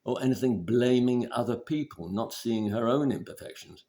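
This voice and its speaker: A man giving relationship advice in a measured, deliberate instructional talk. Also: medium pitch. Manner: measured, deliberate, steady explaining.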